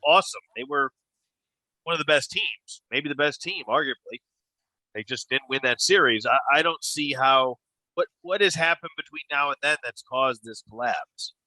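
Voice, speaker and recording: A man co-hosting a casual sports talk show, speaking in a measured and questioning way with hesitant restarts. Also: medium pitch, bright, forceful tone, dry recording, rough recording.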